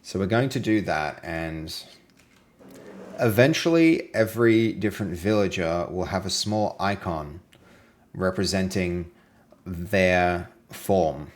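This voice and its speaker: An Australian man hosting a live game-development stream, chatting casually and playfully with viewers and sometimes trailing off into low mutters as he reads and works. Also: slow pace. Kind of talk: casual live-stream chat while coding.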